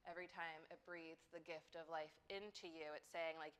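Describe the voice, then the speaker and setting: A woman's voice: sits low, moderate pace, few pauses, smooth. A middle-aged woman leading a yoga class in an easygoing, conversational way, speaking to the students in the studio. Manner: relaxed and conversational, with frequent "um" and "like". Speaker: yoga teacher. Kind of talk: casual talk to a yoga class.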